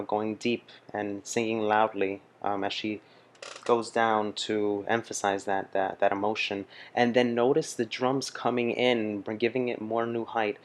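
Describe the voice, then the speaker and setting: A man hosting a music reaction video, talking in a casual, gushing way with lots of fillers and restarts. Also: lowish voice.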